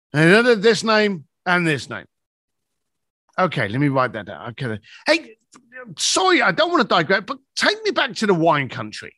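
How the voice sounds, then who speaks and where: Animated man acting out a story. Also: no echo, studio quality. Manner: acts out both sides of a phone call, shifting pitch a lot. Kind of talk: animated anecdote.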